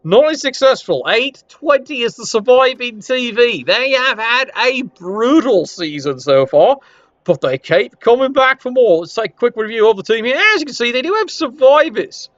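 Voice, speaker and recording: A man talks through a league review in a casual, wry way, tossing in asides and the odd swear. His voice sits high and swings widely in pitch. The sound is dry and slightly muffled, like a desk mic on a home recording. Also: sing-song, normal speed, fairly bright tone, dry recording. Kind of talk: casual commentary over screen.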